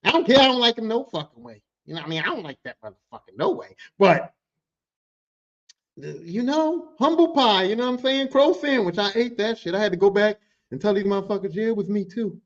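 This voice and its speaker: On a podcast, a man spins rowdy, profane stories about work in a casual storytelling style, often doing the voices of the people he quotes. His voice sits high and sounds animated and brisk, though the recording is muffled.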